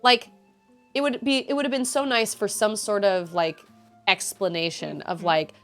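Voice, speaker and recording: A woman's voice: medium pitch, fairly even intonation, moderate pace, soft background music. A woman streaming a game, venting in casual chat to her viewers, rambling with frequent restarts. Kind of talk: casual chat while gaming.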